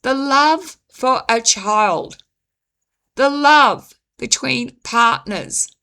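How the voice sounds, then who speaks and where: A woman narrates her own reflective commentary, pausing often between phrases. Her voice sits a little high and sounds bright and clear. She takes her time, speaking at a very unhurried pace. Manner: measured, deliberate delivery with frequent pauses. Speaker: channel host reading her own essay.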